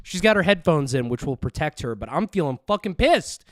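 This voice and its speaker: A man's voice: on the high side, sing-song, fairly quick, no room sound, studio quality. A man hosting a reaction video, ranting with heated profanity and mocking the clips he plays. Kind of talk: profane angry rant.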